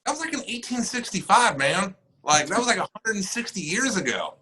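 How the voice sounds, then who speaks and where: A man's voice: high-pitched, brisk, a little hiss or hum, poor audio. A man from the northern United States, a guest on a podcast, chatting casually and acting out quoted exchanges as he tells stories. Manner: animated storyteller, acts out quoted exchanges. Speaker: podcast guest, military servicemember and actor. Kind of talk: casual chat.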